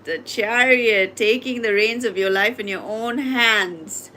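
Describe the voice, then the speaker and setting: Animated woman giving a tarot reading. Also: mid-range voice, measured pace, slight background noise. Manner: animated, speaks straight to viewers with repeated questions. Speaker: tarot reader. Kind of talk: live tarot reading and coaching.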